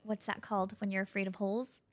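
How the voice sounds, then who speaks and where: A woman from California with an American accent, chatting as a podcast guest in a bubbly, expressive way. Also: mid-range voice, quick pace. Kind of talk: casual chat.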